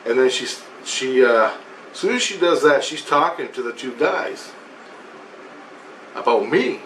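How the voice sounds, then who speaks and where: Expressive and unhurried, this male vlogger has a medium-pitched, slightly bright voice. He tells of a spiritual vision casually and profanely, rambling with many repetitions and restarts, in a room with echo and faint noise.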